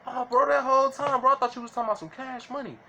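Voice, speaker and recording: Man putting on a high baffled outsider guy. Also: steady tone, rapid-fire, sharp tone, a little hiss or hum, exaggerated voice. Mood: incredulous. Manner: high incredulous questioning.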